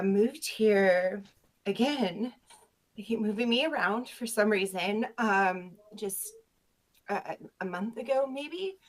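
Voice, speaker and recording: A woman playing a naive, sheltered newcomer in witness protection, speaking in a halting, wide-eyed way over a video call. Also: a little high. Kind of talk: improv comedy character.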